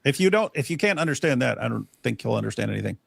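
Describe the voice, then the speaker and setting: A man's voice: mid-range voice, sing-song, racing, creaky, fairly bright tone, slightly rough, no room sound. A man hosting a call-in debate show, talking in an emphatic, exasperated way. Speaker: host.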